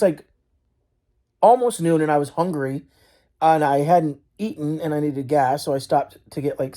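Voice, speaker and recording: A man's voice: fairly high pitch, mellow. A man vlogging, telling a long, frustrated story in a rambling, casual way full of "like"s. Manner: rambling, frustrated, filler-heavy with many "like"s.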